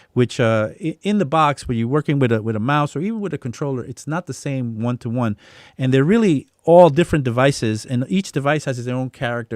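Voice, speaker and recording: A man teaching music production in a relaxed, casual demonstration, thinking aloud with frequent restarts. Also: medium pitch, no room sound, studio quality. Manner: reads chat comments aloud. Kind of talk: casual live-stream demonstration. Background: synthesizer tones.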